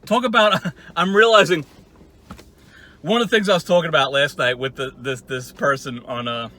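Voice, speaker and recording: A man's voice: fairly high pitch, steady tone, normal speed, bright, forceful tone. A man hosting his own channel, ranting casually in a profane, sarcastic and rambling way. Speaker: channel host.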